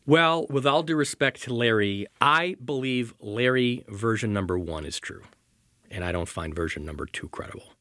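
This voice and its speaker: A man's voice: medium pitch, animated, normal speed, a bit bright, no room sound, studio quality. A male attorney giving an interview, sounding skeptical and incredulous as he picks apart a witness's story. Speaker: defense attorney. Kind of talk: recorded interview.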